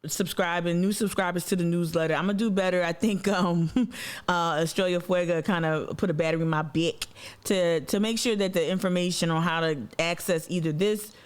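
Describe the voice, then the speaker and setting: A man's voice: high-pitched, steady tone, moderate pace, clean tone. A man hosting a casual political livestream, talking loosely with many fillers and greeting viewers by name. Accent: Southern US. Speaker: livestream host.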